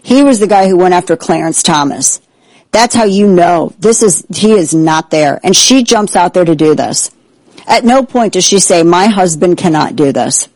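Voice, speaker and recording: A woman's voice: on the low side, animated, moderate pace, a little mellow, dry recording, low-quality recording. A woman hosting a political talk show, delivering indignant, sarcastic commentary.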